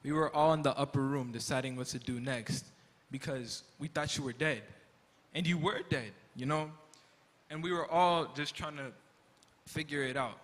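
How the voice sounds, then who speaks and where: Peter, a young man playing an excitable fisherman. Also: a little high, moderate pace, lightly acted. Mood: somber. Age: young adult. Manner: excitable, rambling, comic. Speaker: student actor in a school skit. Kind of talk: stage skit acting. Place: school auditorium. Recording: reverberant hall.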